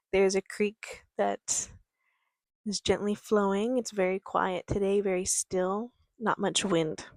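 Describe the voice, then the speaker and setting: A woman life coach giving a reflective motivational talk in a gentle, calm, quiet and patient way. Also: mid-range voice, no room sound. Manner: unhurried, patient delivery. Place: outdoors near a creek.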